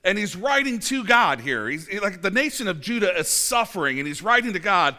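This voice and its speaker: His voice sits high, sharp, very animated and brisk as this forties-aged pastor delivers a casual sermon in a church. The talk is chatty and conversational, peppered with fillers, restarts and wry self-mockery.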